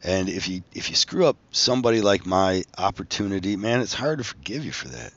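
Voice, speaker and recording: A man hosting a podcast, telling a profane, animated story and laughing as he goes. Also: sits low, a little fast, dry recording, muffled recording. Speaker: podcast host, tattoo artist. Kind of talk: casual storytelling.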